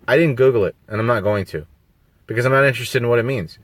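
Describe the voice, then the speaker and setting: A man's voice: medium pitch, very fast, a bit bright, no echo. A man talking on a live video stream, rambling and emphatic, full of rhetorical questions. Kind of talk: casual live-stream monologue. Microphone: phone on a mobile signal.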